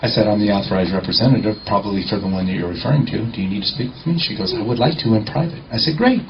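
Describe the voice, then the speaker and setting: A man telling a lively courtroom-clerk story in a confident storytelling talk, acting out the dialogue. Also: on the low side, racing, a little hiss or hum. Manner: animated, acts out dialogue, confident. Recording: muffled lo-fi recording.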